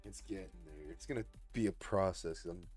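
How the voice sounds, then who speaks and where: A man's voice: low-pitched, fairly quick, darkish tone, breathy edge, soft background music. A young man casually retelling a story on his live art stream, rambling with lots of fillers and swearing. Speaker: livestreaming artist.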